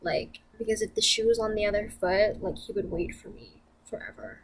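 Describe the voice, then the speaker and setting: A woman's voice: medium pitch, normal speed, slightly rough. A young woman venting to camera in a casual vlog, blunt and profane, rambling with lots of fillers. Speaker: vlogger.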